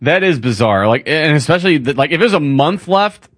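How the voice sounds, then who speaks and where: A man's voice: fairly high pitch, lively intonation, no echo. An easygoing man co-hosting a sports talk show, chatting casually. He trails off and restarts his sentences as he talks. His voice sounds close and dry. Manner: easygoing, halting, many fillers and restarts.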